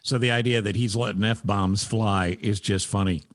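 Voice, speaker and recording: A man's voice: fairly low pitch, steady tone, normal speed, no room sound, clean studio sound. A man co-hosting a podcast, giving laid-back reactions and chuckling asides in casual chat. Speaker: podcast co-host.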